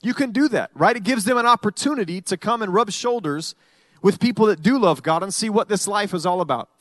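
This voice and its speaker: A man's voice: sits high, brisk, no room sound. A male pastor preaching a conversational sermon, often acting out what his listeners might say.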